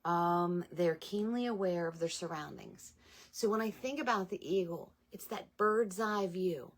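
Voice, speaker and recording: A woman's voice: fairly low pitch, a little slow. A middle-aged woman hosting a casual spiritual talk to viewers, chatty and meandering with many ums. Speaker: spiritual channel host.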